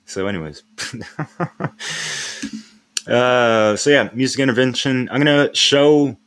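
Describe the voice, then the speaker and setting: A man's voice: mid-range voice, takes it slowly, fairly bright tone, clear, resonant tone. A man hosting his own live stream in a casual, rambling way, using street slang and laughing often as he talks.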